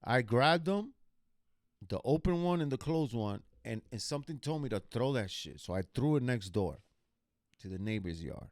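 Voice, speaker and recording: A man's voice: mid-range voice, lively intonation, moderate pace, no room sound, clean studio sound. A man streaming a reaction video, telling a personal story casually in a blunt, profane, emphatic way.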